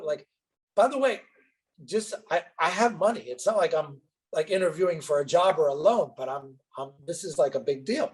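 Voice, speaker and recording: Man, middle-aged, husky, fairly high voice, animated storyteller, interview guest. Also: normal speed, rough recording. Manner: animated storyteller acting out quoted dialogue. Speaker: guest entrepreneur.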